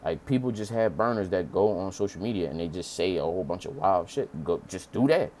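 Deep-voiced man ranting with profanity. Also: a little fast, slight background noise. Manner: profane, animated, mocking falsetto impressions. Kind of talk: ranting commentary.

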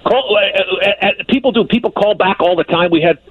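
Phone-in psychic guest, a man with a high voice, emphatic and folksy, tinny phone line with faint hiss. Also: a little fast. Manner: emphatic, folksy, repeats himself. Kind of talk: call-in radio reading. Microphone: telephone.

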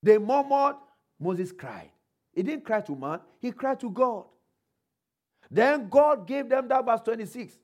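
Animated preacher, high lively voice. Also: male voice, a little slow. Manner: call-and-response, quoting scripture, rhetorical questions; varies pace and loudness for emphasis. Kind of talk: sermon.

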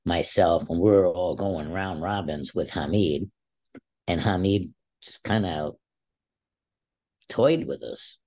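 Brief: low-voiced man in his sixties, guest storyteller, emphatic and rambling, full of restarts. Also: takes it slowly, long pauses, a little mellow. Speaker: interview guest, former Olympic wrestler. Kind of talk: storytelling in a casual interview.

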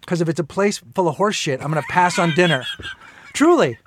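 High, laughing male podcast co-host. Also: expressive, fairly quick, noisy background. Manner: loud, joking, laughs often. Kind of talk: casual chat.

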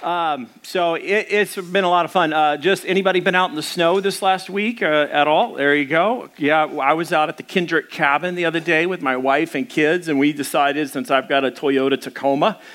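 A male pastor talks to his congregation in a relaxed, storytelling way. His voice sits a little high, and he rambles with frequent fillers. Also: normal speed, hardly any pauses. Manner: casual storytelling with many fillers. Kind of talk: sermon. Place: church.

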